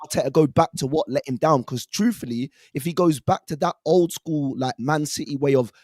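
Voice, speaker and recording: A hoarse man whose voice has cracked, a panelist reflecting on a football match. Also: fairly high pitch, brisk, darkish tone, no echo, clean studio sound. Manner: apologetic, reflective, quotes his own thoughts. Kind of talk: casual football debate.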